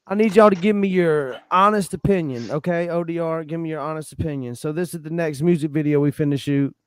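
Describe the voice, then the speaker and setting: A man's voice: fairly high pitch, clean tone, no echo. Laid-back man hosting a stream. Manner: laid-back, halting with fillers. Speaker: stream host. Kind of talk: casual chat on a livestream. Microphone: remote stream call.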